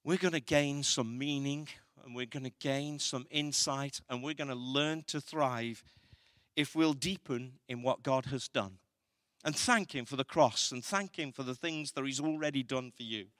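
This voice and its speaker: A man's voice: mid-range voice, normal speed, fairly bright tone, no echo, clean studio sound. A man preaching a sermon as pastor, building to emphatic, repeated declarations. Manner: preaching with rising intensity, emphatic repetition.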